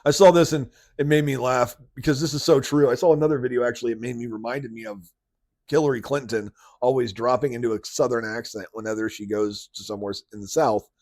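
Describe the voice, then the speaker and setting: A man's voice: medium pitch, steady tone, fast, a little mellow, no echo, studio quality. A man hosting a podcast, ranting in casual commentary and sounding incredulous as he reacts. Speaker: podcast host.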